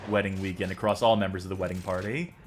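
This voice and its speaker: A man's voice: low-pitched, fairly even intonation, quick pace, slight background noise. Sweary man in casual game chat. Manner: swears a lot, rambling complaints. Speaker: co-host playing the game.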